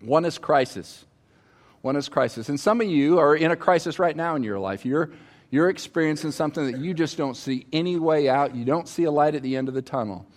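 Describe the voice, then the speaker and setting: Speaking fast with a fairly high pitch, this middle-aged pastor preaches from a stage to his congregation. He tells personal stories in a conversational style and invites the audience to answer back.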